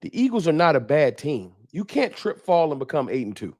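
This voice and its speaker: A man's voice: on the high side, sing-song, fairly quick, a little mellow. Fired-up man preaching fan trash talk. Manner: reads viewer super chats aloud. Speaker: sports fan show host. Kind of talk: livestream fan commentary.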